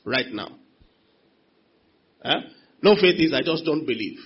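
A preacher giving a sermon in a church, calling on the congregation for responses and swinging from quiet asides to loud exclamations. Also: male voice, mid-range voice, expressive, measured pace, slightly rough. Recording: dull lo-fi sound.

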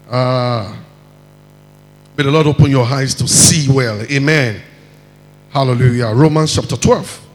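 A man with a Nigerian accent preaching a lively sermon, acting out quotes and mixing in pidgin. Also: medium pitch, slow, long pauses, in a large hall, poor audio. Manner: animated, mixes in pidgin, acts out quotes.

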